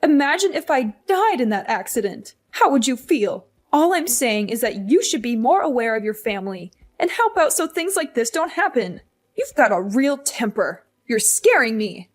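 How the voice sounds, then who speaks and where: A woman's voice: fairly high pitch, sing-song, normal speed. A woman voicing a demanding, guilt-tripping older mother in a hospital bed, in a scripted story drama, with a scolding, condescending manner. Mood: indignant. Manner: scolding, condescending, self-pitying.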